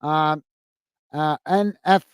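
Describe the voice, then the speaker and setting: A man hosting a live stream, reading viewers' comments in a hurried, chummy way full of fillers, calling everyone mate. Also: fairly high pitch, clean tone, no room sound. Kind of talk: casual live-stream chat.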